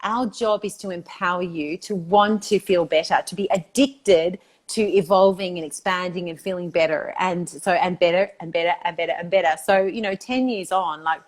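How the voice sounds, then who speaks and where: A woman's voice: lowish voice, moderate pace, few pauses. Chatty woman, middle-aged. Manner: enthusiastic, chatty, frequent "like" and "you know". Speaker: guest, institute founder. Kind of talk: casual interview chat.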